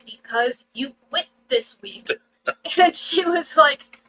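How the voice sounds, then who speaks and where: Ohio woman, high bright voice, chatty co-host, faint room noise. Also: slow pace, low-quality recording. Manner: chiming in, quoting people. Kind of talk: casual chat.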